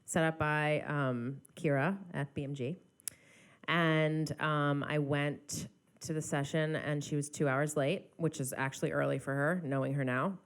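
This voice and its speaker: A woman songwriter and producer telling stories in a casual interview, animated, joking and self-deprecating. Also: low voice, unhurried, clean tone. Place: studio interview set.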